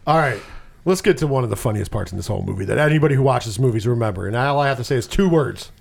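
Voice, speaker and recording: A man hosting a casual movie review chat, talking in an animated, profane way and acting out scenes in quick put-on voices. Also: mid-range voice, gravelly. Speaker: podcast host.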